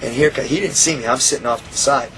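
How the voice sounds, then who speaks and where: A man's voice: mid-range voice, quick pace, fairly bright tone, a little hiss or hum, low-quality recording. A man telling a story in an interview, heated and profane, acting out what was said. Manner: heated, profane, acts out quoted lines. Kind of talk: animated storytelling.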